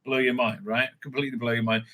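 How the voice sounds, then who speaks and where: A man hosting a casual monologue, rambling with many restarts and sudden excited bursts. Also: medium pitch, quick pace. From Israel. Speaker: host.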